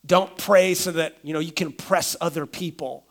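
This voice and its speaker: Middle-aged pastor guy preaching, kinda high voice, chatty, acts out what people say. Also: steady tone, normal speed. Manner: conversational preaching, acts out everyday quotes. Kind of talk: sermon.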